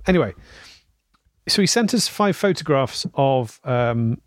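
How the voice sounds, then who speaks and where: A man co-hosting a casual podcast, reading listener emails aloud in a dry, measured way. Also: medium pitch, animated, dry recording.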